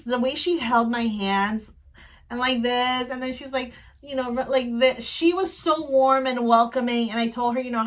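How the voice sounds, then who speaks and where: Gushing high-voiced woman vlogger. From New Jersey. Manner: gushing, excitable, rambling with restarts. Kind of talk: casual storytime recap.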